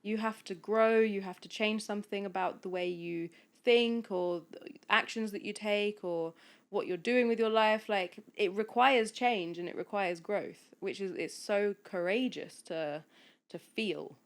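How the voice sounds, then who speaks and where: A woman speaking as a podcast guest, a coach talking in a soft, flowing, earnest way with many fillers. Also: medium pitch, a little slow. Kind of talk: casual podcast conversation.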